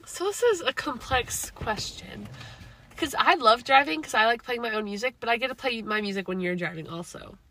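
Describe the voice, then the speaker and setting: A young woman in easy conversation, her voice high and very lively. She is giggly and bubbly, with a bright tone and many fillers. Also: normal speed, a little hiss or hum. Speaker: podcast co-host. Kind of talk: casual chat.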